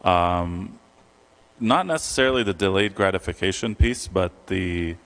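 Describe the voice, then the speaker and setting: A man in the audience asking a question haltingly, with many pauses and fillers. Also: sits low, a bit bright.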